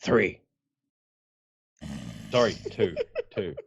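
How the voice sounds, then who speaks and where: Hesitant man with a low voice. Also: very slow, breathy edge, dull audio. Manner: hesitant, stammering restarts. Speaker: player. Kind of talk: playing a tabletop game.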